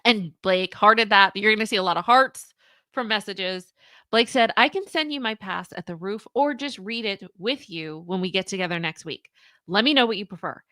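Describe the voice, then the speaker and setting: A woman's voice: mid-range voice, moderate pace, pushed and bright, no room sound, studio quality. A young woman hosting a live reaction stream, reading messages aloud and reacting with laughing disbelief. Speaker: commentary livestream host.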